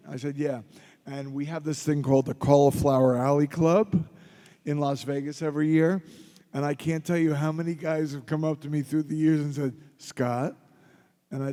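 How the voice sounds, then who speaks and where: A middle-aged man from Philadelphia, a convention panel guest answering audience questions with joking, gruff anecdotes. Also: fairly high pitch, fairly even intonation, moderate pace, dark tone. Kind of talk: audience Q&A storytelling. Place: large convention hall. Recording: long hall reverb.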